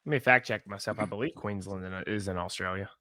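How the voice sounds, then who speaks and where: A man's voice: lowish voice, fast, bright, forceful tone, no room sound. A young man with a Southern American accent, co-hosting a casual podcast and explaining at length with asides. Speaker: podcast co-host.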